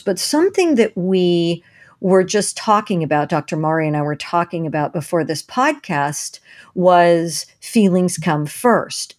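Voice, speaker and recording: A woman hosting a podcast, talking in a conversational way and animatedly acting out scenes as she explains, with some restarts as she thinks aloud. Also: lowish voice. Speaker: podcast host.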